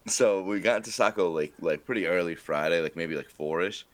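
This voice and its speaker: A man's voice: low voice, brisk. A man from Rhode Island, a podcast co-host, telling a profane, rambling story in casual chat.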